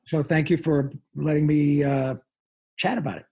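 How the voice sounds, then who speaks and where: A man in his sixties, a voice actor chatting as a guest in a casual podcast, playful and animated. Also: fairly high pitch, normal speed, breathy edge.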